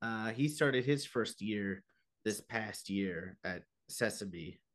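A man's voice: lowish voice, slow, fairly bright tone. A man hosting a podcast interview, chatting casually and affirming the guest with short stammered replies. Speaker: podcast host.

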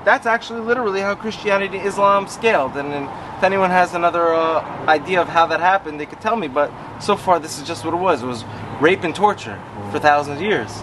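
A rabbi, telling stories in an animated way and acting out quoted voices, talking on a city stoop. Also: male voice, high voice, fast, noisy background. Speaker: rabbi guest on a podcast. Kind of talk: casual storytelling conversation.

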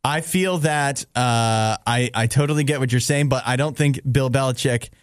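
A man co-hosting radio, chatty and joking, with plenty of opinions. His voice is mid-pitched and recorded dry and close. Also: moderate pace, clear, resonant tone, no echo. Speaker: radio co-host. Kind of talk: casual chat.

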